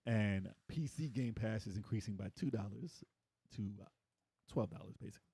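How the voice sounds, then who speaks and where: A man's voice: normal speed, creaky, husky, no echo. A man co-hosting a video game podcast, chatting casually, laughing often and acting out quotes. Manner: animated, laughs often, acts out quotes in a high voice. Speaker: podcast co-host. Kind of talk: casual chat.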